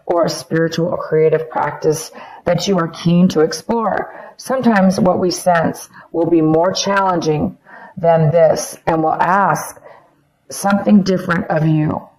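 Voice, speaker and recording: A woman's voice: fairly low pitch, a little slow, darkish tone, poor audio. A woman giving a casual tarot reading, rambling and repeating phrases with many ums, saying she is losing her voice. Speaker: tarot reader.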